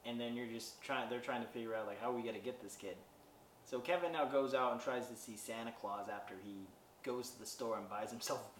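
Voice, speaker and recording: Rambling through a casual movie recap on his podcast, this host leans on fillers and drops wry asides. He has a medium-pitched, slightly bright voice, recorded distant from the mic in a roomy space with faint background noise.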